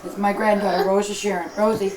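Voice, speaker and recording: A woman's voice: mid-range voice, level tone, quick pace, darkish tone, reverberant, a little hiss or hum, close to an everyday voice, rough recording. An older actress playing a rambling, folksy homeless grandmother caring for a baby, hesitant and talkative.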